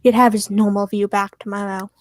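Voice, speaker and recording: A woman reading fan fiction aloud to friends on a stream, steady and soft in the sad parts. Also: medium pitch, a little fast.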